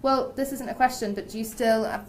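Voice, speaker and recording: A woman's voice: a little high, steady tone, a little fast, slight background noise. A woman interviewing an actor, reading fan questions and teasing him playfully. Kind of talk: casual interview.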